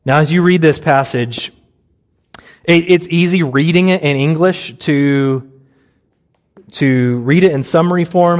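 Earnest man preaching a sermon. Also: on the high side. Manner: earnest, emphatic expository preaching with long pauses.

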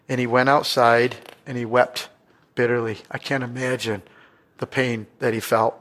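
Expressive male pastor preaching. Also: medium pitch, moderate pace. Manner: expressive preaching, swinging between loud and hushed; asks the congregation questions. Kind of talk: sermon.

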